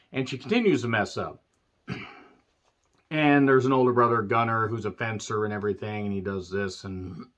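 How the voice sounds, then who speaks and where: A man ranting through a movie recap, sarcastic and profane, often clearing his throat. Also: lowish voice, a bit bright, highs cut off. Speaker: movie reviewer.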